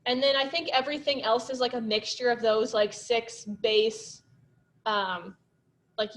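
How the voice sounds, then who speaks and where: A woman's voice: a little high, a bit bright. Chatty young woman presenting in class. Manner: chatty, lots of fillers and likes. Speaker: student presenter.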